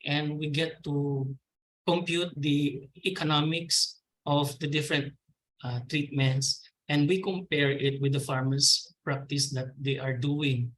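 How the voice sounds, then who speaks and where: A man's voice: on the high side, steady tone, a little slow, low-quality recording. A man with a Filipino accent answering webinar questions about farmer training, polite and hesitant, calling the host ma'am. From Philippines. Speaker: agricultural extension officer.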